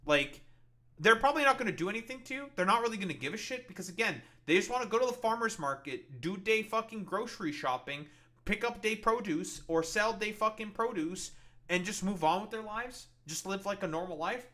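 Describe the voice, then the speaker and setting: A man's voice: high-pitched, lively intonation, a little fast, pushed and bright. A man hosting a casual reaction show, mocking a video in a profane rant. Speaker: podcast host reacting to videos.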